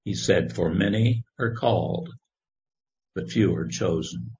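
Man, sermon, slow and measured, dull lo-fi recording. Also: low-pitched, darkish tone, slight background noise. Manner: slow, measured scripture reading. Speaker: preacher.

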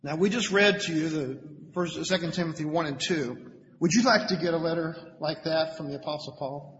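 Halting male lay preacher in a reverberant hall. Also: a little high, a bit bright. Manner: conversational, halting, repeats words while searching for them. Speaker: lay preacher at a Bible study meeting. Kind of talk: informal sermon. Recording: lo-fi with long hall reverb, faint noise.

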